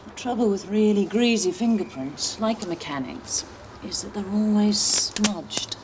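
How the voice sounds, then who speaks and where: An actress playing a calm, matter-of-fact female crime-scene officer in a 1990 TV police drama. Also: mid-range voice, a little slow, a little hiss or hum, close to an everyday voice, poor audio. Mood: focused. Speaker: fingerprint officer.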